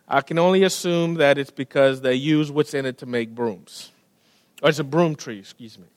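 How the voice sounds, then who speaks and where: A man preaching, reading scripture and then retelling the story in a casual, animated way, dropping to a hush for quiet moments and often repeating words. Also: sits high. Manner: casual, with slang and frequent word repeats.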